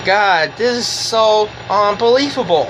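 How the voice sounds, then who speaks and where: A woman reviews a toy in a home vlog, gushing and giggling and repeating the same exclamations again and again. She speaks very slowly and sits a little higher than most women. A faint engine hum runs underneath. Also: animated.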